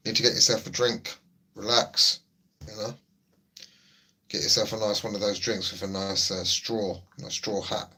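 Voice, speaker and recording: Chatty man, husky and bright. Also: on the low side, fairly even intonation, normal speed, long pauses. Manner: chatty, repeats himself, laid-back banter. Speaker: livestream host. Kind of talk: casual livestream chat, reading chat.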